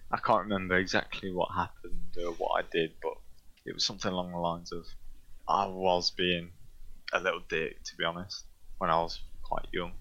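A man's voice: deep voice, pushed and bright, highs cut off. A man recalling a childhood memory in laid-back casual chat.

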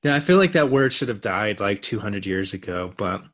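A man's voice: lowish voice, big pitch swings, moderate pace, fairly bright tone. Man co-hosting a casual podcast. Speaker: podcast co-host. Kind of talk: casual chat.

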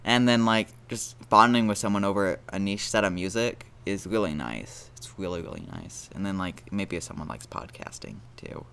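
A man's voice: sits low, lively intonation, moderate pace, vocal fry, hardly any pauses, bright, forceful tone, slight background noise. A man hosting a casual solo podcast, rambling and joking at his own expense. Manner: rambling, self-deprecating, jokey. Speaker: podcast host.

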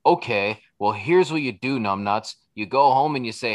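A man's voice: medium pitch, moderate pace. A middle-aged man in a casual podcast conversation, blunt and profane, acting out little bits of dialogue as he tells stories. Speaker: podcast guest.

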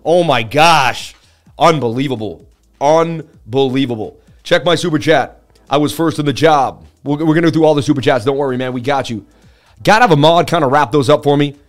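A man hosting a live market-analysis stream, talking in a chatty, excitable way and turning to his viewers to answer chat between chart readings. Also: fairly high pitch, fast, faint music behind. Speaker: livestream host.

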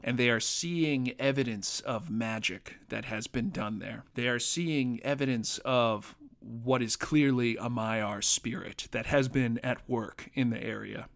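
A man's voice: medium pitch, creaky, fairly bright tone. A man talking casually as a podcast host, reviewing a TV episode as an enthusiastic fan, with fillers and restarts.

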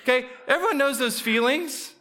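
A man's voice: fairly high pitch, moderate pace, pushed and bright. A man preaching a conversational sermon to a live gathering, joking with the audience and acting out people's inner thoughts. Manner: conversational, jokes with the audience, acts out inner voices. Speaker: pastor.

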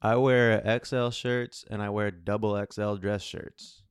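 A man's voice: fairly low pitch, steady tone, measured pace, smooth, dry recording, clean studio sound. A man co-hosting a podcast, chatting casually and joking with his friends. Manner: joking, playful banter. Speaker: podcast co-host. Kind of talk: casual chat.

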